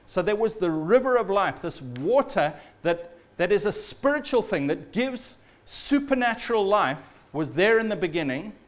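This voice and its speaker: High-voiced man preaching a sermon. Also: sing-song, moderate pace. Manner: storytelling, dropping low and quiet at phrase ends.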